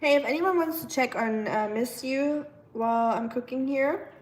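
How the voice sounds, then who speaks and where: A woman hosting a casual live cooking stream, chatting with viewers in a relaxed way. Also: sits high, normal speed. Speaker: livestream cooking host.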